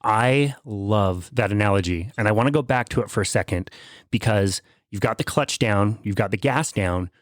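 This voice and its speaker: A man hosting a podcast interview, summing up ideas in steady, measured phrases. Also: lowish voice, no echo, studio quality. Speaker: podcast host.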